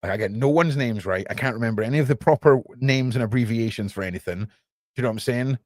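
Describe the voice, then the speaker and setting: A young man hosting a podcast, chatting excitedly and sarcastically in a casual, slangy way. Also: medium pitch, fast talker, dry recording. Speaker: podcast host. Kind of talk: casual livestream chat.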